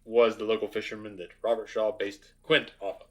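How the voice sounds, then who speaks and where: A man's voice: on the low side, level tone, a little fast, a little mellow, slight background noise. A young man hosting a reaction show, chatting casually and swearing often. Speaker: host of a reaction channel. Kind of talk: casual chat.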